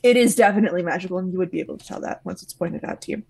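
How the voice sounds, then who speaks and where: A woman running a tabletop role-playing game as game master, laughing often and slowing down to narrate the action. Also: on the low side, creaky, a little mellow, husky.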